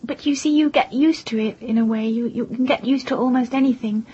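Woman interviewee, husky, measured and composed; dull lo-fi sound. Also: a little high, dark tone. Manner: measured, composed, careful recounting. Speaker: interviewee, widow of the victim. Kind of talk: interview answers. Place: in London. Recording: dull lo-fi broadcast audio.

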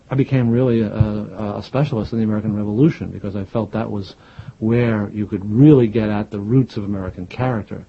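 A man's voice: on the low side, breathy edge. A man in his sixties with a Jersey City accent that drops R's, talking about his past as an interview guest, with many hesitant uh's and chuckles. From Jersey City, New Jersey. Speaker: guest, historian and novelist. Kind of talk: reflective interview conversation. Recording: dull lo-fi recording.

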